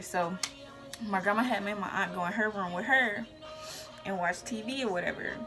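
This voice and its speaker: Young woman, casual storytime, animated delivery, music behind. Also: mid-range voice, normal speed. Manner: animated storytelling with whispered asides and shouted quotes. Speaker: vlogger.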